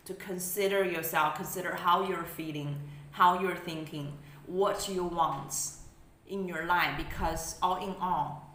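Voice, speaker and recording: A woman's voice: fairly low pitch, fairly bright tone, reverberant, slight background noise. A woman spiritual life coach giving an earnest talk, often tagging her sentences with "right?" and repeating words as she goes. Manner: repeats words, non-native phrasing. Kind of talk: energy update talk to camera.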